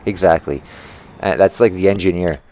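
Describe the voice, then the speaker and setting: Low-pitched man, tree worker, profane and rambling vlog rant. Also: normal speed, mellow. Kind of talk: ranting storytime vlog.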